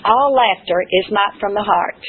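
A middle-aged woman giving an informal sermon to a church group, telling stories in a chatty, lively way and laughing often. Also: mid-range voice, unhurried, slight background noise. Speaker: church speaker. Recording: tinny phone-like church recording.

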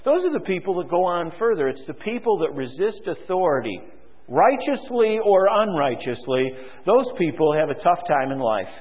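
A man's voice: sits high, very animated, moderate pace, breathy edge. A male preacher giving a sermon in a large auditorium, talking conversationally and asking the congregation questions. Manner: conversational, asks the audience questions. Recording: tinny, echoing hall recording.

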